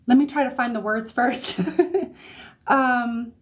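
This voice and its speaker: A woman giving a live-streamed tarot reading, talking in a chatty, easygoing way, often checking in with "okay?" and laughing softly between phrases. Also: on the high side. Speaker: psychic reader. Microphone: phone or desk mic on livestream.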